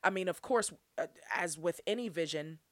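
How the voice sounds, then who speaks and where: Earnest young woman podcaster, low voice. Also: normal speed, no room sound, clean studio sound. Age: young adult. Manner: earnest and heartfelt, laughing often. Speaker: podcast host. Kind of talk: solo podcast monologue.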